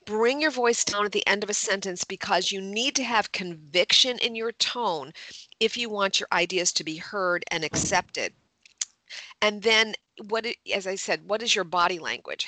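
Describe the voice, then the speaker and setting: A woman's voice: medium pitch, bright, forceful tone, dry recording. A woman giving confident, emphatic career advice as a communication coach in an interview. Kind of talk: advice in a radio-style interview.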